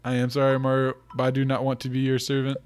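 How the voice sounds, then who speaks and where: A man voicing a calm, formal, self-aware female robot, reading game dialogue aloud in a flat robotic delivery. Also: mid-range voice, fast, soft background music, natural voice.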